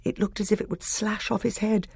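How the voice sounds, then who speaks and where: A woman reading a storybook aloud as narrator, with expressive storytelling. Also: mid-range voice, fairly quick, gravelly, husky, no room sound, clean studio sound. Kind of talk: audiobook narration.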